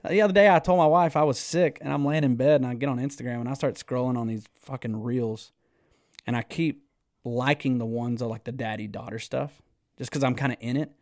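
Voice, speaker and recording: A man, telling stories as a podcast guest in an animated way, swearing freely and laughing often. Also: mid-range voice, dry recording, studio quality. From Texas. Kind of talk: casual storytelling.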